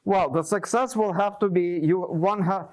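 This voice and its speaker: A man's voice: high voice, moderate pace, a little mellow. A man presenting at a scientific workshop, answering questions thoughtfully with frequent restarts and repeated words.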